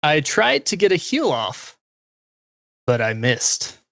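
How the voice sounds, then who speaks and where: A man's voice: on the high side, huge pitch swings, slow pace, creaky, fairly bright tone, dry recording. A man appearing as a guest on a podcast, telling jokes hesitantly in casual chat.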